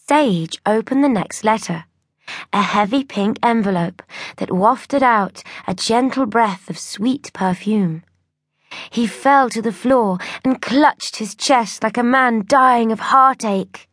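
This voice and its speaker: A woman narrates a children's book in a measured, gentle storytelling manner. Her voice sits fairly high and her pace is slow and deliberate. The recording is dry and close, from a studio microphone. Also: no echo. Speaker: audiobook narrator.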